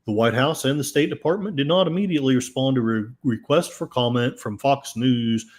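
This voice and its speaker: A man's voice: mid-range voice, fairly quick. A man hosting a podcast, reading news articles aloud with sarcastic, rambling asides. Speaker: podcast host. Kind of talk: casual commentary while reading news aloud.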